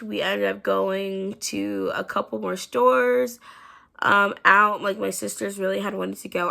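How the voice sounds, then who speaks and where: A young woman vlogger tells a casual story-time recap with a gravelly edge of vocal fry. Her throat is sore and strained, and she sounds worn out. Still, she keeps it chatty and candid. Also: medium pitch, pushed and bright. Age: 20s. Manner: chatty and candid, trailing into tired asides.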